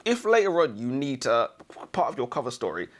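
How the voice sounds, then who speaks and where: A man co-hosting a casual book-review chat, telling stories with animated retellings. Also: mid-range voice, a little fast. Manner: animated storytelling. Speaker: co-host.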